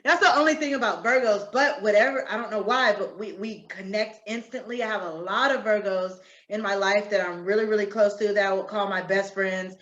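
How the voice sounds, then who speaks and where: A woman co-hosting a podcast, chatting in an animated, laughing way. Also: medium pitch, fairly quick, few pauses. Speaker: podcast co-host. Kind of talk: casual chat. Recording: echoey, dull lo-fi room sound.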